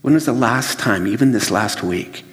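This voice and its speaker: A pastor giving a sermon, telling everyday stories with lively acted-out asides. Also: male voice, medium pitch, moderate pace. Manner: animated storytelling, acts out his own flustered inner voice. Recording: long reverb of a large hall.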